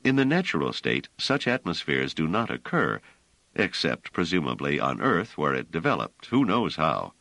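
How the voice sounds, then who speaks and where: A man's voice: extremely low pitch, wildly swooping pitch, normal speed, gravelly, bright, forceful tone, dry recording, full character voice. A man reading an audiobook voices an irritable, argumentative man who speaks curtly. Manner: curt, argumentative. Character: irritable, brooding man, ship's captain type. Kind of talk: audiobook character voice.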